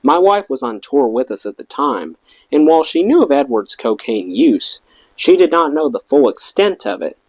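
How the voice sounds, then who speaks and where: Lively male audiobook reader, dry sound. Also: mid-range voice, normal speed, dry recording, poor audio. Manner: expressive reading, acts out quoted lines. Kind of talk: reading a memoir aloud.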